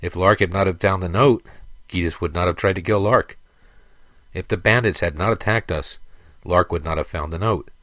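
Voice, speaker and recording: A man's voice: low voice, normal speed, fairly bright tone, no echo. A man voicing an eager young caravan guard who explains things step by step. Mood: reasoning.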